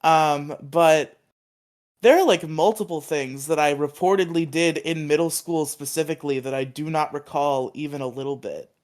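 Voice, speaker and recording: A young man with a fairly high voice talks casually on a podcast. He recounts stories at an easy pace and keeps laughing at himself. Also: normal speed. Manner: chatty, self-amused storytelling with frequent laughs. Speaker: podcast co-host.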